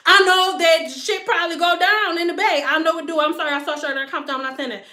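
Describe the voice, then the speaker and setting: A hairstylist from telling a storytime vlog, animated and slangy, often slipping into other people's voices. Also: female voice, sits high, fast talker, hardly any pauses, echoey room. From Detroit.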